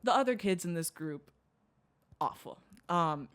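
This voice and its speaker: A woman's voice: on the low side, lively intonation, measured pace, fairly bright tone. A young woman guest on a podcast, telling a long story in casual chat, acting out quotes, laughing often and swearing.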